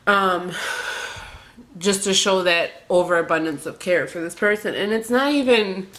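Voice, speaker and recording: A woman's voice: medium pitch, measured pace, fairly bright tone. A young woman talking in an emotional confessional vlog, hesitant and rambling, with many fillers and restarts, near tears. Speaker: beauty vlogger.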